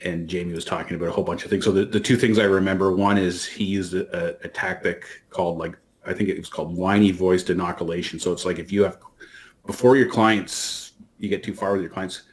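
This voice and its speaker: This podcast co-host speaks briskly in a deep voice with fairly even intonation. He keeps things casual, wandering through a story and frequently starting over.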